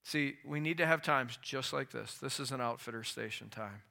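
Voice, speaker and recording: A male pastor giving a sermon in an animated way, asking the audience questions and acting out stories. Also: medium pitch, normal speed, vocal fry.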